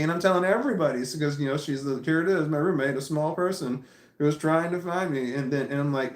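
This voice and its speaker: A man's voice: fairly high pitch, fairly quick. Male vlogger, casual profane storytelling, restarts and repeats, roomy echo. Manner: animated, profane, repeats himself while recounting.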